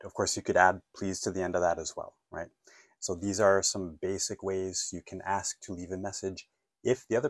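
Male English teacher, middle-aged, low voice, dry close mic, patient and encouraging, has learners repeat phrases. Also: no room sound. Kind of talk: online language lesson.

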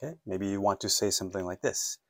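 Male English teacher, middle-aged, low voice, dry close mic, patient and encouraging, has learners repeat phrases. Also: fast, fairly bright tone, dry recording. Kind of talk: online language lesson.

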